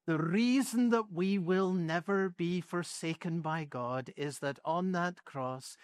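A man delivering a sermon in a slow, deliberate way, leaning on repeated words for emphasis. His voice sits a little higher than most men's. The sound is close and dry, with no room around it. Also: no echo. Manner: measured, emphatic repetition with slowed phrases. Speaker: preacher.

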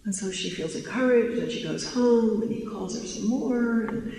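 A man teaches a live audience in a large room. He is earnest and keeps asking the room questions. His voice sits high with a gravelly edge, and a long, echoey hall carries it with faint noise behind. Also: moderate pace, a little mellow.

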